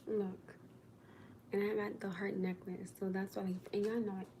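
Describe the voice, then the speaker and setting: A woman's voice: mid-range voice, flat delivery, normal speed, dark tone, a little hiss or hum. A woman casually chatting to viewers on a livestream, talking in an exasperated, chatty way to the people watching.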